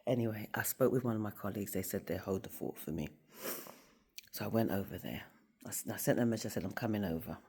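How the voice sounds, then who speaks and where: A woman's voice: rumbling low, quick pace, husky. A woman in her office, telling a story in a casual motivational talk to camera and acting out the voices of the people in it. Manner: animated storytelling, acts out quoted voices. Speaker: school staff member and faith vlogger.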